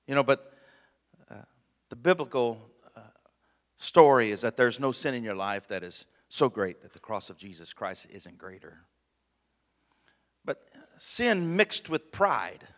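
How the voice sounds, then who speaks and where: A male pastor preaching a sermon in a relaxed, conversational way, asking for amens and chuckling with his congregation. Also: fairly low pitch, moderate pace. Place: church sanctuary. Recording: long church hall reverb.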